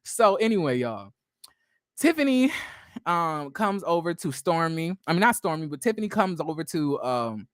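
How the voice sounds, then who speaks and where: Male recap host, lightly raised pitch, dry close sound, slangy and chatty. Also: moderate pace, no room sound. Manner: chatty, animated, drifts into asides to viewers; sassy, slangy, addresses viewers as y'all. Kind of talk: casual recap and commentary.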